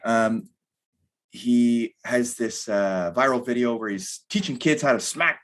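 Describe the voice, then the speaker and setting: A man's voice: mid-range voice, unhurried, a bit bright. A man in his thirties, a podcast guest talking candidly in a rambling way, full of fillers. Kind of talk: casual conversation.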